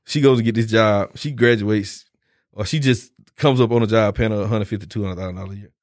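A man's voice: on the low side, quick pace, no room sound, studio quality. A man, co-hosting a casual chat, blunt and joking. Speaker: podcast co-host.

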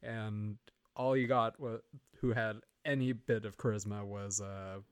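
A man's voice: fairly low pitch, fairly even intonation, a little slow, clear, resonant tone, dry recording. A man co-hosting a podcast, chatting casually about a film in a rambling way, full of "you know" and restarts. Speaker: podcast co-host. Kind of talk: casual movie review chat. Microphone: remote call microphone.

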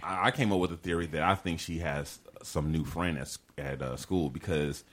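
A man's voice: extremely low pitch, normal speed. A man hosting a podcast in casual chat, telling stories loosely, swearing freely and laughing often. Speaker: podcast host.

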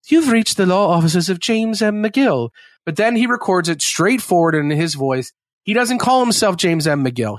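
A man's voice: medium pitch, no echo, studio quality. A man co-hosting a podcast, chatting casually about a TV episode and acting out character lines. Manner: conversational, acts out character lines in quotes. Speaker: podcast co-host.

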